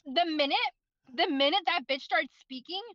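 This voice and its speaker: A woman's voice: high-pitched, normal speed, fairly bright tone, no room sound, dull audio. A woman in a casual book club chat, ranting with heavy profanity.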